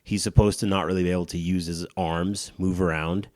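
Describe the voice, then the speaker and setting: A man's voice: low-pitched, flat delivery, brisk, no room sound, clean studio sound. A man in his thirties telling a long, rambling story on a podcast, mocking himself and swearing freely. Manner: rambling, self-mocking storyteller with crude humor. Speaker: podcast co-host. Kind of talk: casual storytelling chat.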